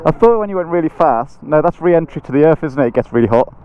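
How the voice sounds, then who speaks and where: A man's voice: a little high, lively intonation, fast talker. A man vlogging casually on a motorcycle trip, rambling and joking with lots of fillers, recorded outdoors on a helmet camera mic. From England. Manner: rambling and jokey, with many fillers. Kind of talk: casual vlog chat. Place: outdoors at a motorway service station, then riding a motorbike. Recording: dull lo-fi sound with clear road noise.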